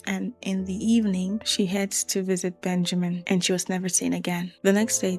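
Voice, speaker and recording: A woman narrating a true crime case in a conversational, emphatic way. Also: on the low side. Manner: animated, emphatic retelling.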